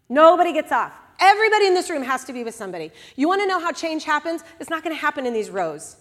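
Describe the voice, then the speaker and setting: A woman preaching a candid, conversational sermon in a large church sanctuary. Her voice sits a little high. The long reverb of the big hall trails behind each phrase. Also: very animated. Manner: candid, conversational preaching with quick swings from hushed to loud. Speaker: speaker at a church service.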